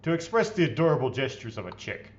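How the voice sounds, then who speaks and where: A man reads visual novel lines aloud with playful theatrical flair as the host of a let's play, mixing in his own remarks. His voice sits at an ordinary middle pitch. The home recording sounds dull and a bit lo-fi. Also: fast, a little hiss or hum. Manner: expressive, playfully theatrical reading. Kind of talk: reading visual novel text aloud with commentary.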